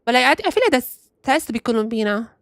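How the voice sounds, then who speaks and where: A woman's voice: on the high side, big pitch swings, fairly bright tone, no echo, clean studio sound. Emphatic young woman streaming a game. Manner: emphatic, repeats herself with quick dismissals. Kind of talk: live gameplay commentary.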